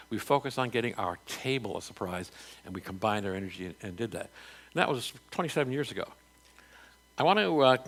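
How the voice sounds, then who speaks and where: A man's voice: mid-range voice, a bit bright. A middle-aged man, a minister, teaching a live lesson to a church audience in a conversational, plain-spoken way with frequent restarts.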